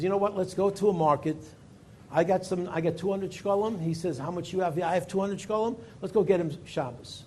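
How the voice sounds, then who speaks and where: A man, a rabbi telling a story in a Torah class, his voice climbing for emphasis and dropping low for quoted lines. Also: dark tone, slight background noise.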